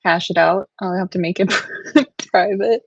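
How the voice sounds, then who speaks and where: A woman hosts a casual livestream from home on a webcam setup, her lowish voice evenly pitched, at normal speed, with vocal fry and a breathy edge. The audio is dry, dull, and lo-fi with no room sound, as she rambles sensitively and swears freely to her chat.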